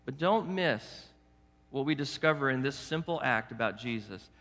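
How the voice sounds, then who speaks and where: A male pastor delivering a sermon, animated and coaxing his congregation with rhetorical questions. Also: medium pitch, normal speed, in a large hall.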